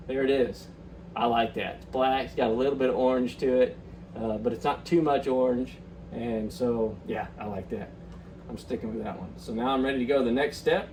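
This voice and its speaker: A man's voice: on the high side, a little mellow, distant mic, slight background noise, rough recording. A young man hosting a fishing channel, chatting upbeat through a walkthrough with lots of ums and uhs. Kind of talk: casual screen walkthrough.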